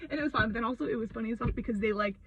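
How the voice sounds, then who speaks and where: A young woman vlogger ranting a story in a heated, sweary, expressive way, full of fillers. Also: on the high side, very fast, husky, far from the mic, dull audio.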